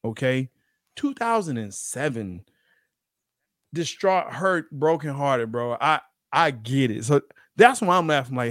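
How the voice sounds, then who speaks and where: A man co-hosting a podcast in casual chat, telling stories in animated, quick bursts. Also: mid-range voice, no room sound, clean studio sound. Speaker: podcast co-host.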